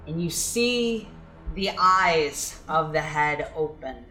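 A woman narrating a tabletop game as game master in a measured storytelling way. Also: low voice, expressive, bright, forceful tone, a little hiss or hum. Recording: echoey room with faint music.

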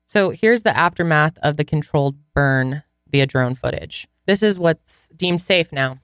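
A woman's voice: sits low, expressive, measured pace, a bit bright, clear, resonant tone, no echo, studio quality. A woman co-hosting a podcast in casual chat, emotional, outraged and sarcastic. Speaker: podcast co-host.

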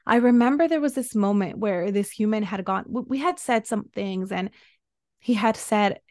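A woman's voice: medium pitch, normal speed, a little mellow, dry recording. A woman coach, a guest on a podcast, recounting a painful stretch of her life in an earnest, emotional way. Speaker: guest, women's soul embodiment coach. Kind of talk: personal storytelling in a podcast interview.

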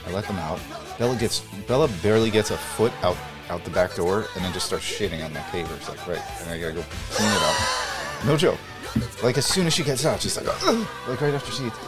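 A man's voice: sing-song, a little fast, loud music behind the voice. A man co-hosting a sports podcast, rambling through casual stories and laughing often. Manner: rambling, laughs often, drops low when tired. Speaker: podcast co-host.

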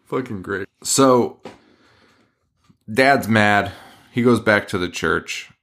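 Laid-back low-voiced young man. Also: slow pace, a bit bright. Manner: profane, laughing recap of a horror film. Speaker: podcast co-host. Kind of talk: casual chat.

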